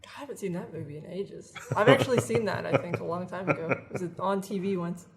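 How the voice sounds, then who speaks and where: A woman's voice: on the low side, fast, a loud crowd. A woman co-hosting a casual tech news discussion, chatty and filling in details with lots of "like". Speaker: co-host.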